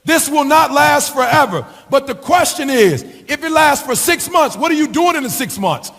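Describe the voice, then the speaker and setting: A man's voice: extremely high pitch, lively intonation, normal speed, a bit bright. A middle-aged man giving a motivational speech, preaching with a sing-song rhythm and piling up rhetorical questions. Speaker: motivational speaker. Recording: long hall reverb.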